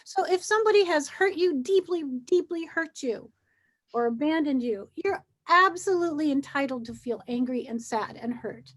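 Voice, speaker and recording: A woman co-hosting a casual talk on feelings, reflective and slowing down on key points. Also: sits high, lively intonation. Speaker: podcast co-host. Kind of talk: casual conversation.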